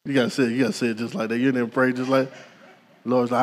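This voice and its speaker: A male pastor preaching a sermon, calling out to the congregation with dramatic pauses. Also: medium pitch, level tone, big-room sound, very noisy.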